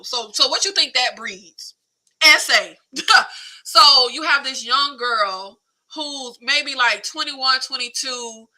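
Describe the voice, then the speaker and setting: A woman speaking, hosting a livestream movie review in an animated, colloquial, conversational way. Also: a little high, rough recording. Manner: animated, conversational, colloquial Southern Black American slang. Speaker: host.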